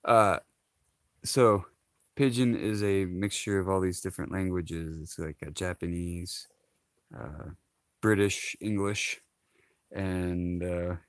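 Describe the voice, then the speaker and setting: A man talks to his viewers in an unhurried, easygoing ramble, full of "you know" and "uh" and quick laughs. His voice sits a little low and comes across close and dry, with no room sound. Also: no room sound. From Hawaii. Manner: laughs often, rambling with many fillers. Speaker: vlogger. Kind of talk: casual chat to camera.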